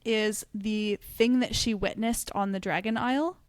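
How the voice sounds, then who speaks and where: Woman, podcast co-host, mid pitch, dry close sound, thoughtful casual chat. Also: fairly even intonation, a little slow, dry recording. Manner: thoughtful, musing, many fillers.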